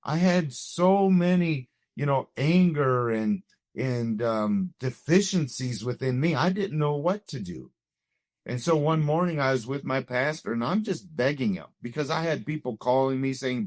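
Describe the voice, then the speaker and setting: A man's voice: medium pitch, lively intonation, measured pace, darkish tone, no room sound, clean studio sound. A man sharing a heartfelt personal testimony as a guest in a conversation, telling it earnestly. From Canada. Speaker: guest sharing his story.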